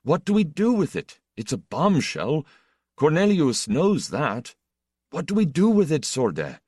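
A man's voice: mid-range voice, very animated, a little mellow, dry recording, studio quality, voice pushed up, lightly acted. A man voicing a flustered, ambitious male deputy who speaks in urgent, agitated bursts. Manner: urgent, agitated, rapid questioning. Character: excitable middle-aged male politician, a deputy.

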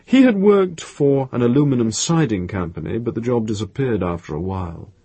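A man reading a novel aloud in steady, measured scripted narration. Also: mid-range voice, husky, no echo.

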